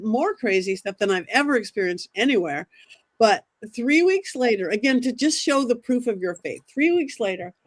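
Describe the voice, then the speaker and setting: A woman, a psychic medium as a guest, telling a dramatic story in an animated way and acting out what people said. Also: fairly high pitch. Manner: excitable, quotes herself and others in dramatic asides.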